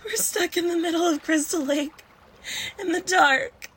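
A woman's voice: high-pitched, unhurried, background noise. A woman playing a frightened young camp counselor who whispers nervously and cries out in panic. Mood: hushed scared.

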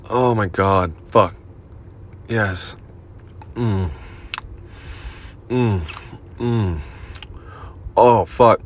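Deep-voiced commanding man, erotic role-play. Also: very slow, pauses often, slight background noise. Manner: commanding, dominant, profane; breathy moans between lines.

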